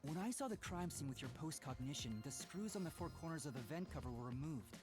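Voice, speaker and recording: A man's voice: a little high, expressive, fairly quick, natural voice. A man voicing an earnest young male detective in a video game, a bit hesitant, with music behind.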